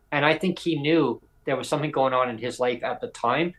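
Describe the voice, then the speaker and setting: A man's voice: mid-range voice, a little fast, few pauses, fairly bright tone, rough recording. A man hosting a podcast, telling rambling stories and acting out quoted conversations. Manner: rambling, acts out quoted dialogue. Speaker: podcast host and disability advocate. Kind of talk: casual storytelling chat.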